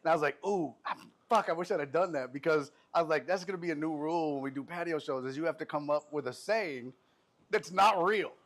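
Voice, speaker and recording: A man's voice: a little high, fast talker, fairly bright tone. A man hosting a casual sports chat outdoors on a patio, profane and laughing often. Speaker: podcast host.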